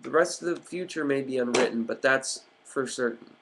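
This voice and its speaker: A man's voice: medium pitch, moderate pace, noisy background. A man ranting on a vlog in an agitated, profane, rambling way with many fillers. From United States. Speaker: vlogger.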